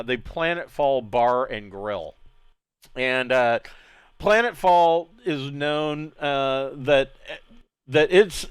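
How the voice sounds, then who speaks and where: A male game master narrates a tabletop session in a loose, rambling way, often breaking into laughter. His voice is smooth and clear, and it sounds dry, with no room around it. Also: medium pitch, fairly bright tone, dry recording.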